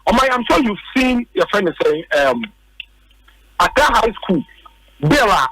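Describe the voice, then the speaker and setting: A man's voice: sits high, sing-song, measured pace, bright, forceful tone, a little hiss or hum, poor audio. A man with a Ghanaian English accent arguing politics on the radio, emphatic and repetitive, firing off rhetorical questions. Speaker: political commentator. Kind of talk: heated political argument on radio.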